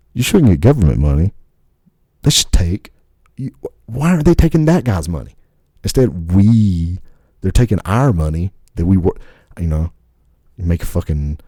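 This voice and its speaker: A man's voice: low voice, mellow, no room sound, studio quality. A podcast host man in a casual, rambling rant full of crude swearing.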